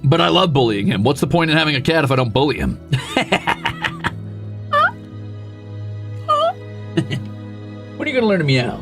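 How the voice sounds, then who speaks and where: A man's voice: a little high, huge pitch swings, racing, few pauses, over music. A male live streamer in casual chat, teasing and swearing freely as he coos at and scolds his cat.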